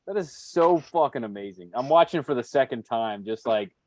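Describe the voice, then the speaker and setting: A man's voice: mid-range voice, expressive, moderate pace, no echo. A man co-hosting a casual soccer podcast, enthusiastic and laughing often. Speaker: podcast co-host. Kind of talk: casual chat.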